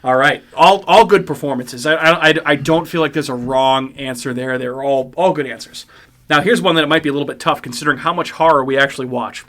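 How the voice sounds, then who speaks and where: A man's voice: medium pitch, brisk, fairly bright tone. A man hosting a casual horror podcast chat, leading the talk and swearing freely. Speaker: podcast host.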